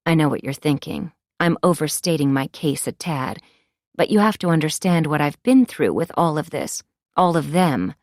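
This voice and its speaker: A low-voiced woman narrates a thriller audiobook in scripted first-person, sounding expressive and a little mellow at a moderate pace. The recording is studio quality, with no echo.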